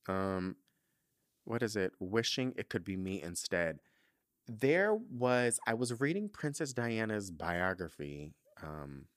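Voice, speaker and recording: A man's voice: lowish voice, a bit bright, no echo, clean studio sound. A man hosting a podcast, reading out a listener letter and reacting with emotional, dramatic asides. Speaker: podcast host.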